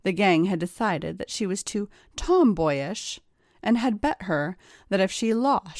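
A woman reading a scripted first-person story in a steady, confessional storytelling manner. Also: mid-range voice, dry recording, clean studio sound. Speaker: story reader.

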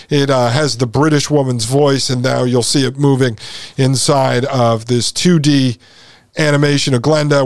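A man's voice: on the high side, dry recording, clean studio sound. A man hosting his own podcast, explaining technology in an emphatic, conversational monologue and speaking straight to his listeners. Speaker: podcast host.

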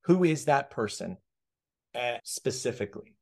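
Excitable swearing man on a podcast. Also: mid-range voice, unhurried. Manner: excitable, swears freely, restarts and laughs often. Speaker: podcast host. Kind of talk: casual podcast conversation.

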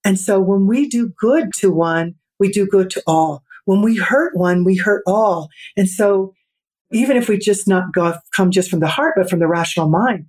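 A middle-aged woman, a podcast guest, telling a personal story in an earnest, reflective way and slowing down for emphasis. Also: medium pitch, darkish tone. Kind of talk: storytelling in an interview.

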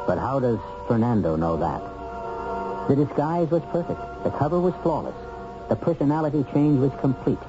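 A man hosting and narrating a TV drama in a measured, suspenseful manner, on a dull old soundtrack. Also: medium pitch, expressive. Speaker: host narrator. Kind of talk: scripted TV narration. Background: music.

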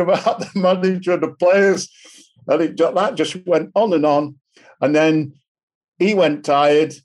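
A man's voice: on the high side, unhurried, a little mellow. An older man, earnestly telling a personal story in an interview. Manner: earnest, anecdotal. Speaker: club ambassador.

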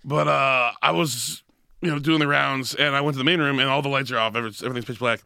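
Gravelly, bright-voiced rambling bartender. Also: male voice, medium pitch, steady tone, fast talker, no echo, clean studio sound. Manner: rambling, lots of "like" and "uh". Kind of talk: casual storytelling.

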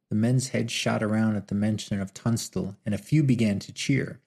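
A man giving steady audiobook narration of a Western novel. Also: lowish voice, moderate pace, vocal fry, few pauses, husky. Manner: steady, storytelling.

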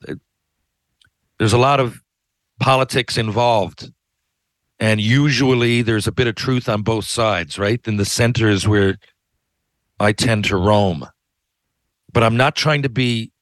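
A man's voice: medium pitch, a bit bright, no room sound. A man in a heated, profane, rambling rant, often restarting his sentences. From Canada. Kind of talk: ranting monologue.

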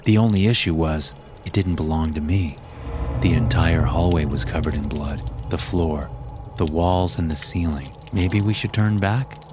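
A man narrating a scripted horror story in a measured, grim way. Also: rumbling low, fairly even intonation, background noise. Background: background music.

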